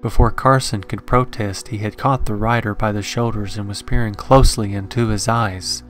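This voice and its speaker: A man narrating a horror story in a measured, steady scripted reading. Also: on the low side. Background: faint horror background music.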